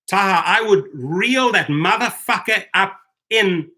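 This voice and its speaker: Fired-up guy hosting a livestream, sharp forceful voice, kinda high, stumbles and restarts a lot. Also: animated, measured pace. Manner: heated, combative ranting with repeated restarts. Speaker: host of a rideshare driver channel. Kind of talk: livestream commentary reading chat.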